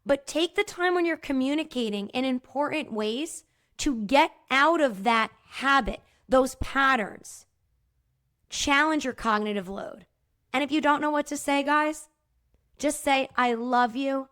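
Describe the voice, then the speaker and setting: Hosting her podcast alone, a woman talks in an unhurried, high, slightly bright voice. Her manner is candid and relaxed, with occasional swearing and frequent "right?" check-ins, and at moments she becomes choked up.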